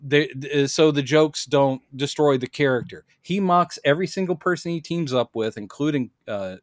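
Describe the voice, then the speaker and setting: A man co-hosting a podcast in casual chat, animated and quick to act out quotes in put-on voices. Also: fairly high pitch, dry recording, studio quality. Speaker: podcast co-host.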